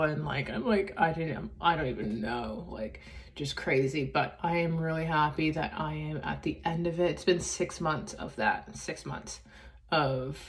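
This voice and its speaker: A woman talking in a casual confessional vlog, halting, with many fillers and restarts. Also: low voice, slight background noise. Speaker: vlogger.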